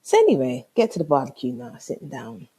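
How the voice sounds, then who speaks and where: A woman's voice: extremely low pitch, wildly swooping pitch, fast talker, mellow, husky. A woman hosting a podcast, telling a story casually and with animation, swearing freely and acting out both sides of the conversation. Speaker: podcast host.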